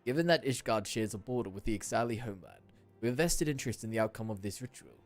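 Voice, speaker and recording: A man's voice: fairly low pitch, expressive, fast, faint music behind. A man voicing a dignified older nobleman in a fantasy game, speaking formally and courteously. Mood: stately.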